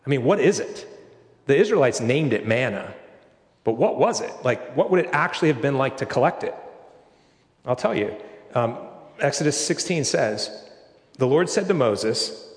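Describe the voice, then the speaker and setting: A man's voice: mid-range voice, expressive, moderate pace, pauses often. A man preaching a sermon, explaining scripture in a conversational way and asking rhetorical questions. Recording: echoey hall, long reverb.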